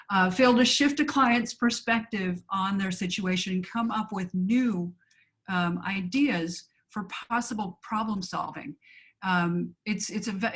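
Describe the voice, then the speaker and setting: A woman's voice: fairly low pitch, a bit bright. Woman coach explaining with examples. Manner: explains with acted example lines, many fillers. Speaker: coach and webinar co-host. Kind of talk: conversational webinar talk.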